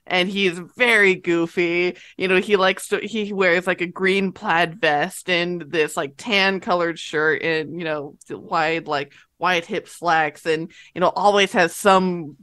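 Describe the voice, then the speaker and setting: A woman player in a tabletop role-playing game, describing characters in a thoughtful, unhurried way. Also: fairly low pitch, fairly even intonation, a bit bright, no echo.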